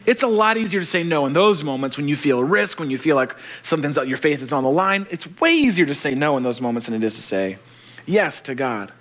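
A man preaching a sermon, animated and joking, acting out the voices of the people he quotes. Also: a little high, quick pace. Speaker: pastor.

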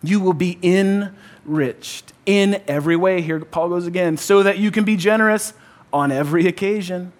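A pastor with a fairly high voice preaches his sermon in a relaxed, conversational style peppered with "like" and "kinda." He's emphatic, leaning hard on repeated phrases and pausing so the congregation can shout the words back.

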